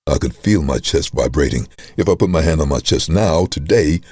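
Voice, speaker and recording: This is a middle-aged man with an extremely deep chest voice, swooping up and down as he tells a story in an interview. His tone carries a husky grain. The sound is close and dry, with no room around it. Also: moderate pace, no echo. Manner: animated storyteller, acts out voices. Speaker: voice-over artist guest.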